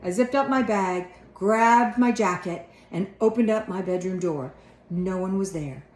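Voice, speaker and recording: A woman reads a children's storybook aloud with expressive narration, her voice in a middle range. The recording has an echoey room around it. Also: medium pitch, a little slow.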